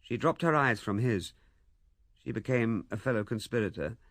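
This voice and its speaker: Expressive male audiobook narrator. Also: mid-range voice, no room sound, studio quality. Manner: measured, expressive storytelling.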